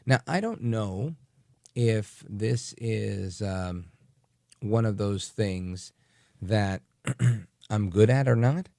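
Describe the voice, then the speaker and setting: Gravelly low-voiced talk radio host. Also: male voice, extremely slow, dark tone, no room sound, clean studio sound. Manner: rambling, chatty, many fillers and asides.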